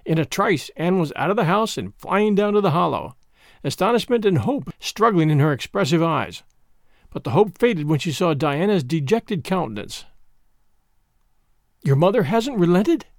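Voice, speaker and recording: A man hosting and narrating a classic novel aloud in a measured storytelling manner. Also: fairly high pitch, lively intonation, gravelly, no room sound, studio quality. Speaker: podcast host and reader. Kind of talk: audiobook narration.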